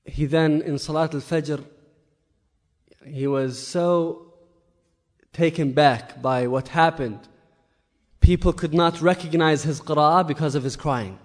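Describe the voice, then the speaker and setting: A man's voice: fairly high pitch, measured pace, long pauses. Man preaching in an echoey hall. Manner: animated, rhetorical questions, rising emphasis. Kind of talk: storytelling sermon. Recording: echoey hall with long reverb.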